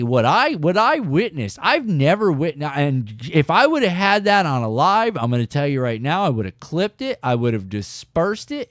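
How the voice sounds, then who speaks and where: A man tells a story to his viewers in an emphatic, casual way, and his pitch leaps up and down as he talks. The sound is dry and close, with no room echo. He keeps turning to the audience to check they are following. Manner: animated and emphatic, keeps saying "dude". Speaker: fishing channel host.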